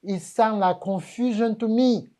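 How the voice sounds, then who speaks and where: A woman's voice: fairly high pitch, unhurried, dark tone. A woman with a French accent giving a live seminar talk on business, emphatic and joking as she addresses the audience directly. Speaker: business speaker.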